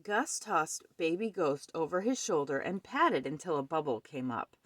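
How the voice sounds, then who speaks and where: A woman reading a children's picture book aloud at home with expressive storytelling. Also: low-pitched, moderate pace, no room sound.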